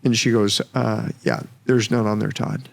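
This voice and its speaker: A man in his fifties, a podcast guest, telling a story in a frank, animated way and swearing freely. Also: on the low side, moderate pace, creaky. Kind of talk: casual storytelling.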